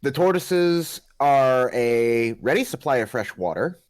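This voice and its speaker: A man co-hosting a casual podcast, telling a story in an animated way. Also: medium pitch, measured pace. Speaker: podcast co-host. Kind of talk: casual chat.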